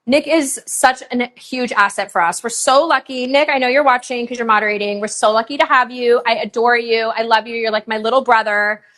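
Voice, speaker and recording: A middle-aged woman hosts a live online sale with a bright, forward voice that sits a little high. She chats in a bubbly, gushing way and breaks off into quick countdowns between items. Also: fairly even intonation. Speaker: live shopping host. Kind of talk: live online sales show.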